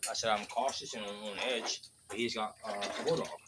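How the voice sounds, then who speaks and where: A man's voice: fairly low pitch, steady tone, moderate pace, very noisy. A man in a casual vlog rant, telling stories bluntly and swearing a lot, outdoors by a road. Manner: profane, blunt, storytelling. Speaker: vlogger.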